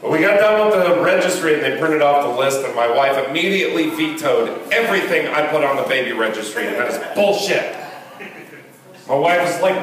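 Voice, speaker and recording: A young man with a fairly high voice performs a stand-up set, animated and acting out every character he quotes. He sounds set back from the mic in a very echoey venue. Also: fairly quick. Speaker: stand-up comedian. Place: comedy venue. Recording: roomy echo from a distance.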